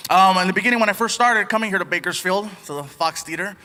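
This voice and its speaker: A man performing an animated stand-up comedy set on a theater stage, telling stories and slipping into voices. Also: sits high, quick pace, big-room sound. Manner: animated storytelling with put-on voices. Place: theater stage before a live audience. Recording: live theater with loud crowd laughter.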